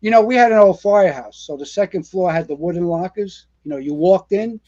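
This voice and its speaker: High-voiced older New man. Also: fairly quick, dull audio. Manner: animated storyteller, rambling with many fillers and restarts. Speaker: retired fire captain guest. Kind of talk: casual storytelling interview.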